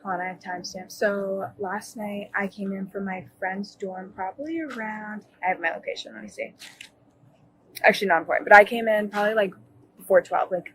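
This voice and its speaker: A young woman, a college student, speaks a little fast in a medium-pitched voice as she recounts events to police on bodycam. Her story rambles with fillers and self-corrections, and the poor audio has a slight hiss or hum.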